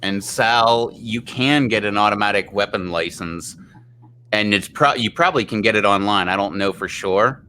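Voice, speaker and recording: Argumentative man, bright voice. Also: fairly low pitch, normal speed, a little hiss or hum. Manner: argumentative, explains at length. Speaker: host. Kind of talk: casual chat.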